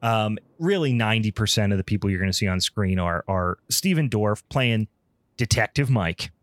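A man's voice: lowish voice, animated, moderate pace, no room sound, clean studio sound. A man hosting a podcast in casual chat, rambling and profane with frequent ums. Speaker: podcast host.

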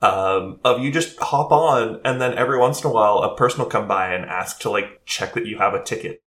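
A man's voice: on the low side, a little fast, a bit bright. A man co-hosting a podcast in casual chat, joking and trailing off mid-sentence. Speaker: podcast co-host.

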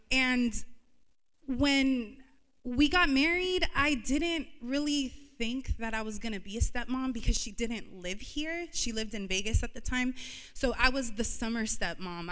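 A woman's voice: medium pitch, fairly bright tone, smooth. A woman in her thirties giving an emotional, confessional personal testimony as a church speaker, laughing through tears. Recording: reverberant hall.

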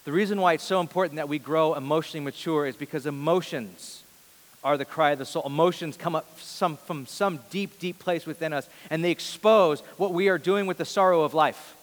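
A man preaching a sermon as a pastor. He reads scripture quietly and grows more intense when he voices questions. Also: on the high side, fairly quick. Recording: long reverb of a large hall.

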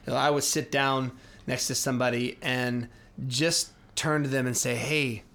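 A man's voice: medium pitch, flat delivery, normal speed, vocal fry, a bit bright. A man co-hosting a casual faith podcast, talking reflectively and sharing stories. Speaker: co-host.

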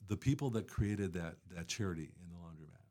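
A man's voice: low-pitched, fairly quick, darkish tone. A man talking casually as a guest about charity work, rambling with many fillers and restarts. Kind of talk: casual conversation.

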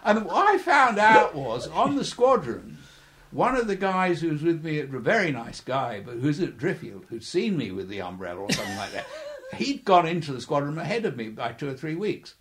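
Older man, interviewee, slightly high voice, animated storytelling, chuckles, mimics voices. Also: moderate pace. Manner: chuckling storyteller who acts out quoted voices. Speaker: interviewee, former air force pilot. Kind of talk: anecdotal reminiscing.

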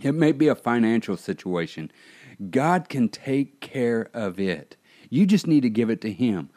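A man's voice: mid-range voice, sing-song, a little slow, warm tone. A middle-aged man, a pastor, delivering an earnest podcast sermon that builds in fervor. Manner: earnest preaching, rising in fervor.

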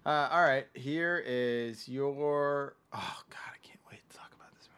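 A man co-hosting a casual podcast about movies, animated and given to quoting lines in loud put-on voices. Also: mid-range voice, unhurried, smooth, no echo. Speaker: podcast co-host.

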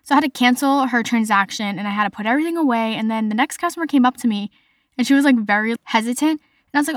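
Speaking rapid-fire in a fairly high voice, a young woman hosts a podcast recorded at studio quality with no room sound. She tells stories casually and animatedly, with lots of "like" fillers.

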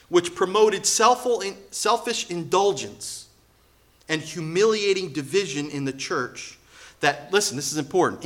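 A man preaching a sermon in a lively, conversational way, acting out quotes and building to loud emphasis. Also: a little high. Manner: animated, acts out quotes, jokes, rises to loud emphasis. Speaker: pastor.

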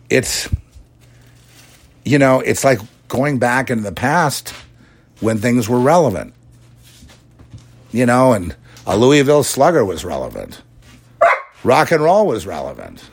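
A man's voice: mid-range voice, big pitch swings, measured pace, gravelly, pauses often, husky. A middle-aged man hosting a religious commentary show, preachy, mocking imagined critics in put-on quoted voices. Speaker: podcast host.

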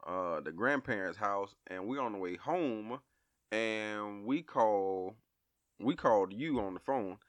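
A middle-aged man telling a family story in casual chat, expressive and laughing as he acts out his daughter. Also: fairly low pitch, slow, no echo.

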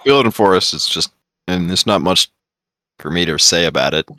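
A man, co-hosting a podcast and telling stories in casual chat, excitable and swearing freely. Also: low-pitched, moderate pace, no room sound. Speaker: podcast co-host.

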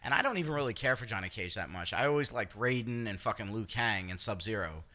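A man with a very bright, ringing voice sits low in pitch as he rambles through a relaxed podcast chat. He laughs often and slips into goofy voices mid-thought. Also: quick pace. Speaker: podcast co-host. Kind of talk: casual chat.

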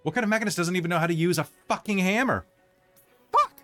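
A man's voice: mid-range voice, sing-song, a little fast, fairly bright tone, soft background music, pitched above the performer's own voice. A man voicing a hot-tempered young American man with a light voice who swears and complains. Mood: griping.

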